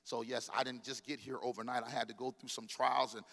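A man giving a sermon as a pastor, preaching with call-and-response and sudden loud bursts. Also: mid-range voice, level tone, fairly quick, gravelly, in a large hall.

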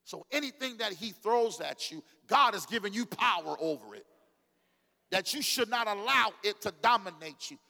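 A man giving a sermon as a pastor, preaching with call-and-response and sudden loud bursts. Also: high voice, lively intonation, normal speed, vocal fry, long reverb tail.

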